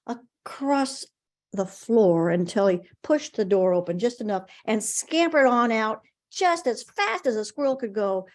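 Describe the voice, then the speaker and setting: A woman storyteller narrating a folk tale in a rhythmic, expressive way, speaking over a video call. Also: fairly high pitch.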